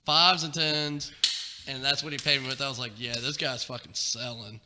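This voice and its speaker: A man's voice: medium pitch, steady tone, normal speed. A young man, telling rambling stories on a podcast, laughing and swearing freely. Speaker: podcast co-host. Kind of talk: casual storytelling chat. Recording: roomy reverb with faint noise.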